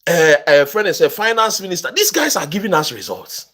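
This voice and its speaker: Ghanaian man, political rant, high voice, swooping animated pitch. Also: a little fast. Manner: impassioned, mixes English with Twi, emphatic repetitions. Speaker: political commentator.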